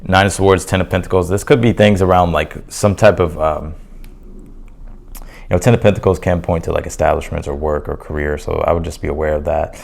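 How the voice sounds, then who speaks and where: A man with a very low, gravelly voice full of vocal fry talks his viewers through a tarot spread in a casual reading to camera. His tone is steady, slightly fast and a little mellow, and he's loose and chatty, leaning on fillers and restarting sentences. He sounds a bit hoarse, as though his voice is going.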